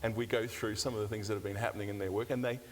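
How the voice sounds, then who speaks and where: A man's voice: fairly low pitch, fairly even intonation, racing. An older man, a pastor teaching a seminar session in a conversational, self-deprecating way with light humour. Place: church hall. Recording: long church-hall reverb, faint hiss.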